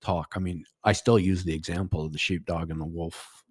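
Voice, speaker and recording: A man's voice: low-pitched, flat delivery, brisk, husky, no echo, clean studio sound. A middle-aged man telling a personal story as a podcast guest, rambling with restarts and quoted dialogue. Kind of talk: casual storytelling.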